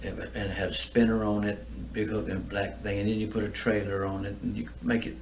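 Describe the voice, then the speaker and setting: An older man with a low, gravelly voice tells rambling stories, circling back over the same lines and chuckling at his own punchlines. He talks in a loose, easy chat recorded outdoors, with a faint hiss of noise underneath. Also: level tone, a little fast. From Florida. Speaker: storyteller guest. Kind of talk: casual storytelling chat.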